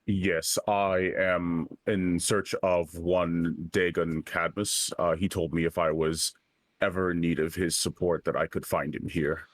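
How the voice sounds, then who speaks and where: A man's voice: sits low, little pitch movement, no echo, clean studio sound. A man playing a wary, polite young seeker. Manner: hesitant, polite, halting.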